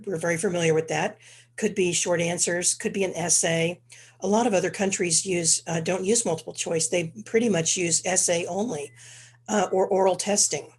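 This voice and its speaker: A congested woman presenting an educational webinar in a measured, explanatory way. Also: on the low side, a little mellow, breathy edge. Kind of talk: educational lecture.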